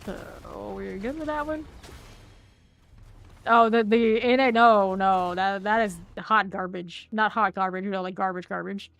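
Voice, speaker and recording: A woman's voice: medium pitch, measured pace, fairly bright tone. A woman with a mild Southern American accent, streaming a game and chatting casually with viewers, teasing and laughing often as she plays. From Southern United States. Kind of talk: casual gameplay commentary.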